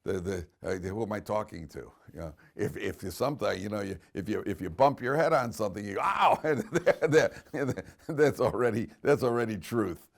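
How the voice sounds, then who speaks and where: A rabbi teaches his class with lively stories and humor. His voice sits a little low, and he often restarts his sentences. He slows down to chant Hebrew verses. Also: gravelly. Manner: animated storyteller, frequent restarts, chanting Hebrew verses slowly. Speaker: rabbi teaching a weekly Torah portion class. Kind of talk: lively classroom Torah lecture.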